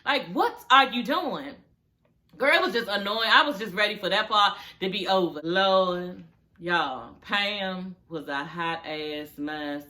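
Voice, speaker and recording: A woman's voice: mid-range voice, sharp tone. A woman giving a blunt, sassy, casual reaction review of a TV show, swearing freely. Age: adult with a daughter.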